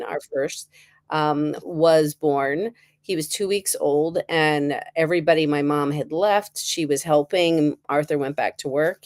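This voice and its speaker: Laughing mom telling stories, dry sound. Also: female voice, sits low, dry recording. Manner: laughing, animated storyteller. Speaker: host. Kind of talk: casual storytelling chat.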